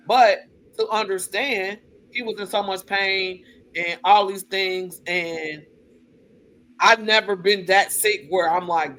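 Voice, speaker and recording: A woman talking on a casual talk show, retelling family stories with blunt, cussing candor. She slips into other people's voices as she tells it. Her tone is bright and forceful. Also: medium pitch, slow. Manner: blunt and profane, lively retelling with quoted voices. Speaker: co-host. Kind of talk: casual chat, personal storytelling.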